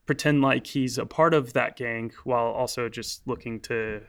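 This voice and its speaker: A man's voice: mid-range voice, fairly even intonation, normal speed, clean tone. A man co-hosting a casual film podcast, talking with many fillers and restarts. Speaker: podcast co-host.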